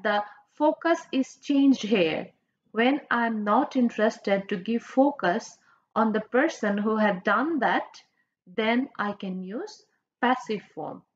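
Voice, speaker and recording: Slow, patient Bangladeshi woman teacher. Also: a little high, lo-fi sound. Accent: Bangladeshi English. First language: Bengali. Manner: slow, patient, asks questions and repeats points. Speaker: college English teacher. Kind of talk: recorded classroom lecture.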